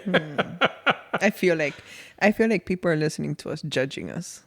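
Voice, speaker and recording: A woman co-hosting a podcast, chatting casually in an animated, rambling way with laughs. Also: deep voice, normal speed. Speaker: podcast co-host. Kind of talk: casual chat.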